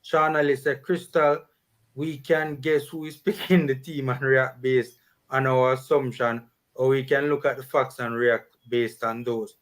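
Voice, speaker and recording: A man with a Jamaican accent hosting a sports vlog, talking in casual, animated Patois-laced banter. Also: mid-range voice, unhurried. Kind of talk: casual chat.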